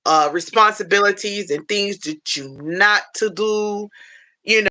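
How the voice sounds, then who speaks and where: Here a livestream host chats casually in a medium-pitched voice that sounds pushed and bright, her pace a little slow. She wanders and starts over a lot, sounding warm and emotionally open.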